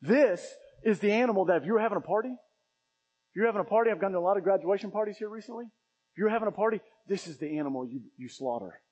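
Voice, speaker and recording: A man preaching a sermon as pastor, impassioned, swinging between loud emphatic runs and quiet low asides. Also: expressive, fast, in a large hall, lo-fi sound. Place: church sanctuary.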